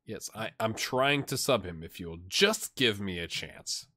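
A man talks over his own gameplay in a bright, forward voice. His pitch swings widely, climbing high when something happens on screen. He sounds a little tired but keeps up a running stream of joking asides. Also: a little slow. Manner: excitable, jokey play-by-play asides. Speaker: gaming YouTuber. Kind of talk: let's play commentary.

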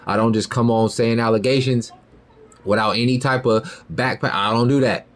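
A man hosting a podcast, delivering a heated, profane monologue that swings between loud high outbursts and low muttered lines. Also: steady tone, moderate pace. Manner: heated, profane, repeats "you feel me" and "bro". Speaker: podcast host.

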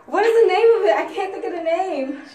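Excitable high-voiced young woman. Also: brisk, far from the mic. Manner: excitable, teasing. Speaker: vlog co-host. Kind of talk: casual chat. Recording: echoey room with music behind.

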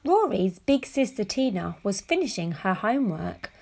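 A woman reading a children's picture book aloud, gently and expressively. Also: medium pitch, sing-song, moderate pace. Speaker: storyteller.

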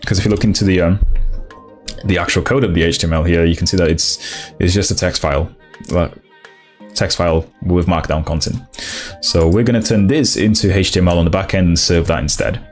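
Deep-voiced man live-coding and chatting. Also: steady tone, soft background music. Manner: thinks aloud, halting restarts, laughs along with chat. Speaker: coding streamer. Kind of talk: casual live-coding stream.

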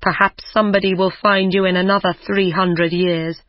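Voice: medium pitch, flat delivery, moderate pace, no echo, close to an everyday voice. A reader voicing a clever poor fisherman. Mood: mocking. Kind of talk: simple audiobook reading for learners. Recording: dull lo-fi recording.

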